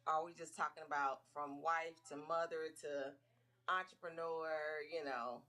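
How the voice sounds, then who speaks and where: A woman's voice: low-pitched, fairly even intonation, measured pace, sharp tone. A middle-aged woman as a guest in a casual interview, easygoing and good-humored, laughing readily. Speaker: guest entrepreneur.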